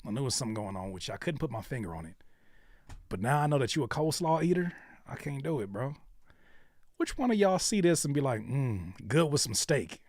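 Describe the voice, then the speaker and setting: He's a livestream host reacting to submitted music, talking fast and expressively in a medium-pitched, darkish voice. The chat is casual and profane, full of jokes and lines repeated for effect, with no room sound.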